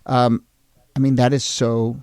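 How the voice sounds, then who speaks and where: A man's voice: medium pitch, level tone, unhurried, a little mellow, clean tone, no echo, studio quality. A man co-hosting a history podcast, earnest and reflective, stressing key words as he makes his points. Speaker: co-host of a history show. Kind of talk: analytical podcast discussion.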